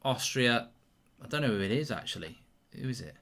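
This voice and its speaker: A man hosting a live football watchalong, reacting excitedly to chances and reading out viewer questions. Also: mid-range voice, fairly quick, gravelly. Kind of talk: live match commentary and chat with viewers.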